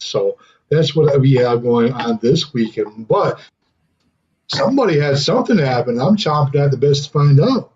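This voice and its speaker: A man's voice: mid-range voice, warm tone. A man in casual chat as co-host, speaking hesitantly with many fillers. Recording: dull, slightly noisy line.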